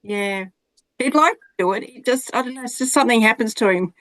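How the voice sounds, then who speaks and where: A woman's voice: on the high side, fairly quick, a bit bright, dry recording. A woman chatting on a video call, friendly and a little hesitant. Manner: hesitant, friendly, laughs easily. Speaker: webinar attendee. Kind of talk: casual video-call chat.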